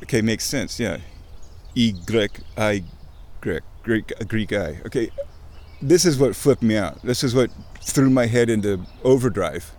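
Excitable man rambling on a creek walk. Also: on the low side, a little slow. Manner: excitable, self-interrupting, swears casually. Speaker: vlogger. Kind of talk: rambling casual monologue. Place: outdoors, walking by a creek.

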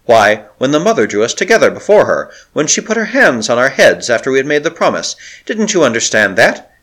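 A man reading aloud voices a young otherworldly handmaiden, gentle and innocent, who speaks with tender wonder. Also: medium pitch, big pitch swings, fairly quick. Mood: astonished.

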